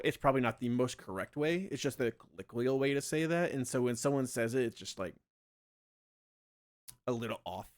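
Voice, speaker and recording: A man's voice: medium pitch, no room sound, studio quality. Rambling man streaming a game. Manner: thinks aloud, rambling with many fillers. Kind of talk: casual live-stream chat while gaming.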